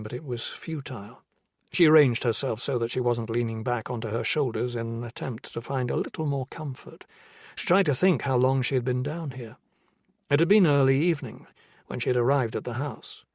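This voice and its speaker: Male audiobook narrator with a husky voice and a steady, measured thriller read. The recording is dry and close. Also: medium pitch, dry recording. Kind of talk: scripted narration.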